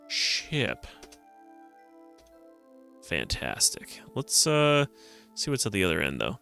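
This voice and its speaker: A man's voice: fairly low pitch, wildly swooping pitch, slow pace, creaky, pauses often, sharp tone, clear, resonant tone, faint music behind. A man streaming a retro adventure game, joking around and reading the game's text aloud. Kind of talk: casual game commentary.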